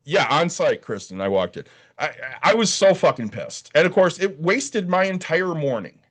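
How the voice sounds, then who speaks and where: Slightly high in pitch and at normal speed, a podcast co-host tells a long, profane story in casual conversation. He performs the quoted dialogue of the other people animatedly, sounding tired after a short night's sleep.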